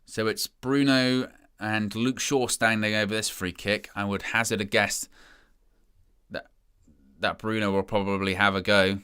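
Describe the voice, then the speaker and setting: A young man giving excitable, chatty live commentary as a fan following a football match. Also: fairly low pitch, measured pace, clean tone. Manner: excitable, chatty play-by-play with asides.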